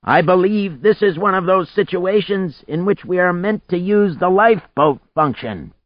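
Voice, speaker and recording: A man voicing a calm, precise man who explains things in a raised, matter-of-fact voice. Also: medium pitch, a little slow, dry recording, highs cut off, voice pushed up. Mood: earnest.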